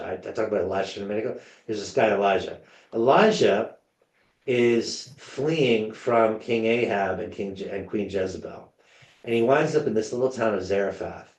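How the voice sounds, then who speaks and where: A man's voice: fairly low pitch, darkish tone, echoey room, rough recording. A man leading a Lenten Bible study in a church, conversational and storytelling, checking in with the group. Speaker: church teacher. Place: church meeting room.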